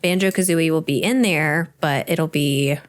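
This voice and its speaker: Lower-voiced woman podcast co-host. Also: unhurried. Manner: easygoing, brief interjections. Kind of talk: casual chat.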